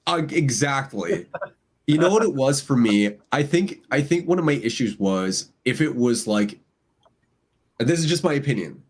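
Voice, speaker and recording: A man with a husky, slightly breathy voice chatting as a podcast guest. He gets animated and jumps into acted-out quotes. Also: mid-range voice, normal speed. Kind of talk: casual podcast chat.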